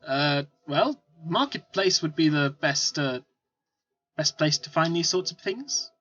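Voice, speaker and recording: A man's voice: on the high side, expressive, unhurried, fairly bright tone. A man doing a chatty innkeeper. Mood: helpful. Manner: helpful, rambling directions. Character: friendly male innkeeper. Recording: dull lo-fi recording with faint music.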